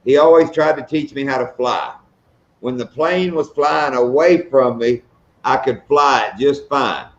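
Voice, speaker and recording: A man's voice: medium pitch, a little slow. Joking man in an echoey lo-fi room. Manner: joking, teasing banter. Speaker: live stream co-host. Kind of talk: casual chat. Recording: echoey, dull lo-fi sound.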